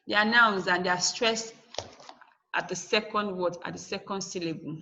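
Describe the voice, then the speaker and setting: A woman's voice: medium pitch, moderate pace, bright, forceful tone, dull audio. A woman teacher giving a classroom lesson, asking and answering her own questions and spelling words out letter by letter.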